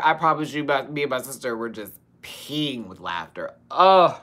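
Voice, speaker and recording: With a bass voice that's animated and a bit bright, a young woman hosting a live Q&A tells a story at a measured pace. The livestream storytelling is casual, sassy, profane and dramatic, with bursts of laughter.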